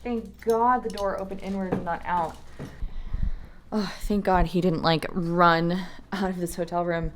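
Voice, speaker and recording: A young woman vlogging casually, chatty and emotional, cooing at her dog in a high voice. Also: level tone, measured pace, a little hiss or hum. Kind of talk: casual vlog talk to camera.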